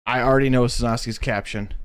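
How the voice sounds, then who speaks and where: A man's voice: mid-range voice, steady tone, fast. A man co-hosting a live stream, teasing the others in a mock-outraged way. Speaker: co-host. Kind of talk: casual live-stream banter.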